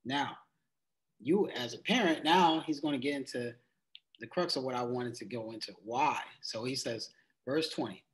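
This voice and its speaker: A man's voice: medium pitch, normal speed, poor audio. Male Bible study teacher with a mid-range voice. He reads scripture aloud, then explains it casually and conversationally. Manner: conversational, loose phrasing with frequent "it's like"; reads verses aloud in old-fashioned wording, then explains them plainly.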